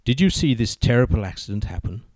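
A man's voice: mid-range voice, sing-song, quick pace, a little mellow, no room sound. A man voicing an out-of-breath government agent who presses his questions urgently.

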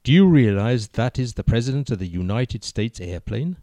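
A man's voice: mid-range voice, big pitch swings, normal speed, dark tone, no echo, close to an everyday voice. A man voicing an out-of-breath government agent who presses his questions urgently.

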